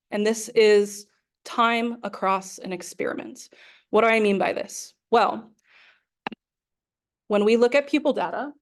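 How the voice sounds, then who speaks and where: A woman giving an academic workshop lecture, explaining carefully with frequent fillers and self-corrections. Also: mid-range voice.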